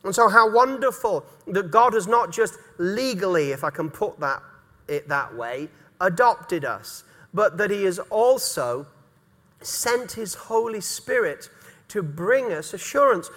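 A man's voice: sits high, lively intonation, unhurried, a bit bright, in a large hall. A middle-aged man from England, preaching a sermon earnestly and repeating key words for emphasis. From North East England. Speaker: pastor.

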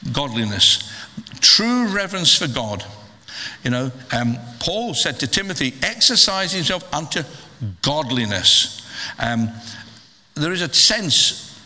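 A middle-aged man preaching a sermon in a lively, humorous way, with stammered restarts. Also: mid-range voice. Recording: long hall reverb.

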